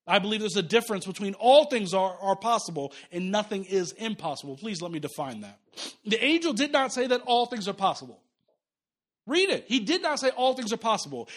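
Animated, high-voiced man preaching. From Jamaica. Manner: animated, playful, acts out voices with sudden swings in pitch and volume. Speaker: pastor. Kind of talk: sermon.

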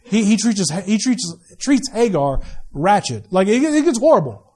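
A man's voice: high voice, big pitch swings, normal speed, darkish tone, husky. A man giving a sermon as pastor, casual and joking, often repeating his first words as he restarts. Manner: casual, joking preaching with many stammered restarts.

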